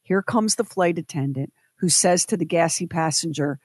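A woman's voice: on the low side, moderate pace, few pauses, husky, no room sound. Lady cohost telling a story, acts out the quotes, dry close sound. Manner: animated storytelling with quoted voices. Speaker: co-host. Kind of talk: casual chat.

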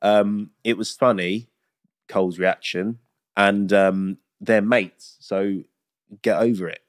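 A man's voice: lowish voice, takes it slowly, no echo, studio quality. A young man, co-hosting a podcast in casual, teasing banter. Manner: animated, laughing, teasing. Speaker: podcast co-host.

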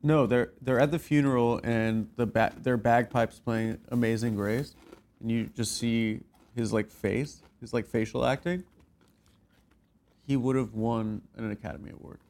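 A man's voice: mid-range voice, fairly even intonation, a little slow, darkish tone. A man co-hosting a podcast, teasing and pushing back in casual comedic banter. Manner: teasing, pushy. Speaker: podcast co-host.

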